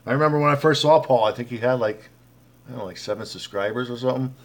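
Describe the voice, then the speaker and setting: His mid-range voice moves fast as he hosts a casual live stream. Calling viewers by name and calling them bud, he drifts from topic to topic, reads their comments aloud, and keeps restarting and filling pauses.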